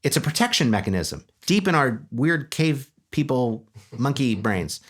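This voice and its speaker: A man giving a humorous, animated conference talk on a stage before an audience. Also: medium pitch, measured pace. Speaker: speaker.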